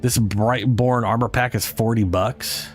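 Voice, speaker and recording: A man's voice: mid-range voice, steady tone, unhurried, soft background music. A man streaming a game, talking casually in a profane, ranting way and often correcting himself. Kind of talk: casual gameplay commentary.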